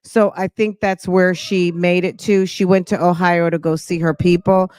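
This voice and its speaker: A woman's voice: fairly low pitch, level tone, moderate pace, darkish tone, smooth, no room sound, studio quality. A woman from New Jersey hosting a reaction channel, chatting casually with sassy, judgy asides. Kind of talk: casual commentary.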